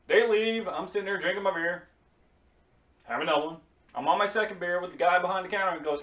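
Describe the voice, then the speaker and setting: A man's voice: on the high side, expressive, a little fast, fairly bright tone. A man vlogger telling a story casually, rambling and swearing freely. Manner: profane, rambling. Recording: roomy echo.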